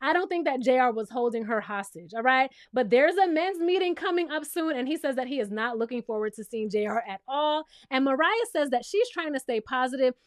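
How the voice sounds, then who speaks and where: A woman's voice: sits high, expressive, brisk, few pauses, no room sound, clean studio sound. A woman giving a sassy, playful casual commentary recap of a reality show, talking straight to the viewer.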